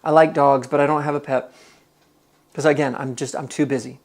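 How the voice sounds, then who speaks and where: A man talks casually while cooking on a live stream in his home kitchen. He reads viewer comments aloud and thinks out loud between steps, easygoing and conversational. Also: on the high side, steady tone, brisk.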